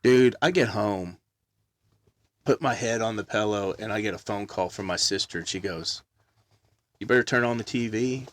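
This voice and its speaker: A man telling a long story in casual chat, loud and animated, belting out quoted songs. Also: fairly low pitch, normal speed, pauses often.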